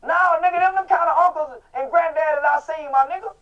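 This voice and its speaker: A middle-aged man from Texas, talking loudly in a casual interview and breaking into shouts. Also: extremely high pitch, fairly quick. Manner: loud, profane, bursts into shouting. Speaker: guest. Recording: muffled audio from a distant mic.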